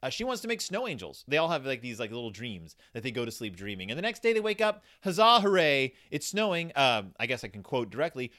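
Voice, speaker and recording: A man's voice: medium pitch, sing-song, fast talker, hardly any pauses, bright, forceful tone. A man from Texas, a host casually reviewing a children's book, chatty and rambling with many fillers and restarts. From United States (Texas).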